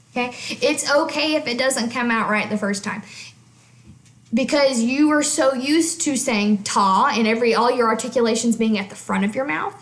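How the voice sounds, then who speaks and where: Chatty woman teaching, slightly high voice. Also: roomy sound. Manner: chatty, checks in with frequent "okay?". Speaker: music teacher. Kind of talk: casual instruction.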